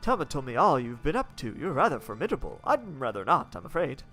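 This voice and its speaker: A man's voice: medium pitch, big pitch swings, a little fast, bright, forceful tone, faint music behind. A man reading the lines of a fussy, bookish young male scholar in a prim, formal way. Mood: polite.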